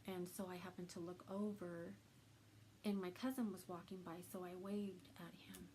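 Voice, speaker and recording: A woman vlogger telling a personal story to the camera, soft-spoken and halting, with trailing pauses. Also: lowish voice, steady tone, a little hiss or hum, rough recording.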